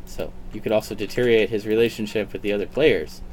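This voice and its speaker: A man's voice: lowish voice, fairly even intonation, quick pace, a little mellow, a little hiss or hum. A man hosting a casual gaming stream, joking around and giving mock-serious lectures. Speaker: streamer host.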